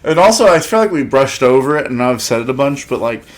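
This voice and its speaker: A man's voice: medium pitch, fast. A man co-hosting a podcast, chatting casually and acting out scenes from an anime. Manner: animated, acts out scenes in silly voices. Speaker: podcast co-host. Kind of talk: casual chat.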